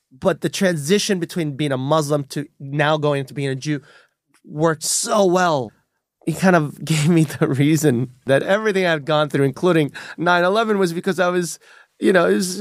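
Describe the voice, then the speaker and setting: A man's voice: mid-range voice, no room sound, clean studio sound. Man from telling his story. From New York City. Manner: animated, acts out voices in his story. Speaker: storyteller guest. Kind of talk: personal storytelling.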